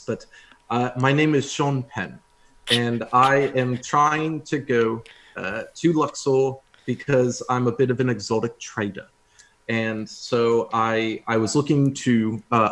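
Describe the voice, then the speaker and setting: A man's voice: mid-range voice, a bit bright, natural voice. A nervous young trader stammers and fumbles through a fake British accent, as a man puts him on, forever stalling on filler sounds. He is an ordinary, everyday voice that keeps tripping over itself. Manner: stuttering, stumbling, many filler sounds.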